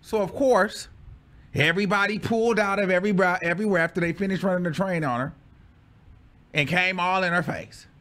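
A man's voice: high voice, a little fast, fairly bright tone. A man telling a personal story in casual story-time style, dramatic and full of exclamations.

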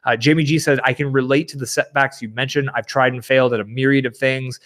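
A man hosting a live stream, reading viewer comments and answering in a rambling, animated way. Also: medium pitch, fast. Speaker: livestream host. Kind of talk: casual live Q&A.

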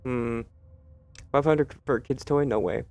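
A man's voice: medium pitch, measured pace, darkish tone. A man commentating his own gameplay, joking and sarcastic, talking back to game characters. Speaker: let's play host.

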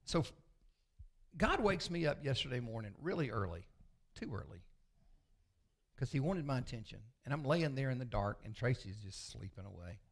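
A man, a pastor preaching a sermon with folksy, confessional storytelling that often sinks to a low murmur. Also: very animated, moderate pace, pauses often. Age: 60s.

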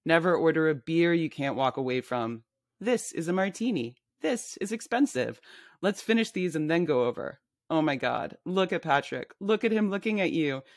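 A woman's voice: low-pitched, expressive, moderate pace, no room sound, studio quality. A woman reading her memoir aloud, voicing a brash, blunt woman friend who bosses people around at a bar. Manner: pushy, blunt, bossy.

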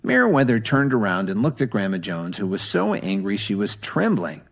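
A man narrating an audio drama in a dramatic, expressive storytelling manner. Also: fairly low pitch, normal speed, husky.

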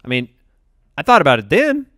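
Man, podcast co-host, wry, slightly high voice, dry sound. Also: huge pitch swings, a little fast, bright, forceful tone, dry recording. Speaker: podcast co-host reading listener questions. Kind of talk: casual chat.

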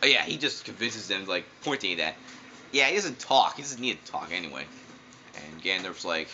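Excitable man commenting on gameplay. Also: low-pitched, normal speed, a little hiss or hum. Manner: excitable, jokey, talks to the game characters. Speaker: let's play commentator. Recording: dull lo-fi sound with loud game music.

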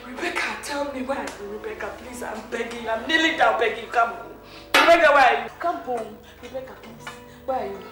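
A woman's voice: on the high side, a little fast, few pauses, lightly acted. An actress playing a grief-stricken Ghanaian mother who wails and pleads for her lost daughter. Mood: pleading. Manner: wailing, pleading and crying out. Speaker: grieving mother. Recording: echoey room with loud music underneath.

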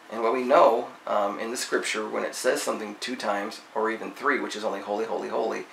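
Man, casual Bible teacher, low gravelly voice, faint noise in the recording. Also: fairly bright tone. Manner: reads scripture aloud then paraphrases it in slangy everyday talk. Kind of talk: casual Bible study commentary. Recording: echoey room with faint noise.

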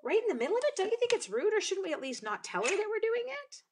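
Fretful polite woman, anxious high questions, as a host puts her on. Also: sing-song, fast. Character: fretful polite woman viewer worried about rudeness.

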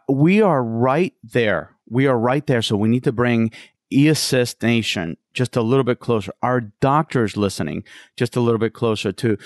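A man's voice: mid-range voice, dry recording, studio quality. A man hosting a podcast interview, talking in an enthusiastic, exclamatory way. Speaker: podcast host.

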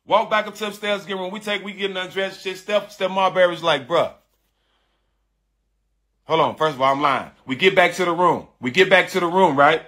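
Bright-voiced man telling a story animatedly. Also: high voice, a little fast, hardly any pauses. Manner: animated and emphatic, repeating phrases, addressing listeners as "dog" and "bro"; frank and confessional, with slangy speech. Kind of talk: casual storytelling to an online audience.

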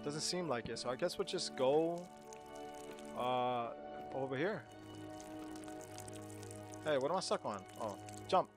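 A man playing a horror game and commenting to himself in a jumpy, excitable way, with game music behind him. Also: mid-range voice, measured pace, long pauses. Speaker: gaming channel host. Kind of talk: let's play commentary.

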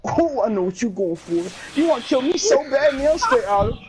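High, animated trash-talking gamer. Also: moderate pace, a loud crowd. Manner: taunting, repetitive, sing-song teasing. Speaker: gamer streaming online matches. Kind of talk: trash-talking gameplay commentary.

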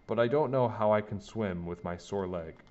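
A man's voice: on the low side, moderate pace, a little mellow, highs cut off, natural voice. A man voicing an earnest, eager young boy who is learning to swim. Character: young boy, eager swimmer with a sore leg.

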